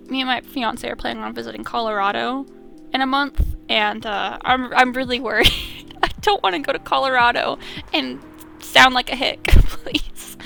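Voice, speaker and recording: A woman's voice: on the high side, moderate pace, creaky, sharp tone, soft background music. A young woman with a Southern US accent, chatting casually and laughing often while playing a game. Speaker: let's play streamer.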